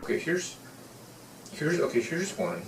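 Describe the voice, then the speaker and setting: A man speaks in a gentle, formal big-brother tone, as if coaxing a child closer. His voice is a little high and swings around a lot. He sounds far from the mic in an echoey room, with clear noise underneath. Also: animated, measured pace. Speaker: performer in a scene study. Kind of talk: coaxing talk to a child in a scene. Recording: roomy, distant, noisy room recording.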